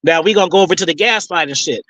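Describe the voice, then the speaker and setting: Brief: host with a high-pitched voice, profane and slangy, recorded dry and close. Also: male voice, rapid-fire, a bit bright, no echo, low-quality recording. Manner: profane, rambling, streetwise slang. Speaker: host answering audience questions. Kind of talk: casual Q and A talk.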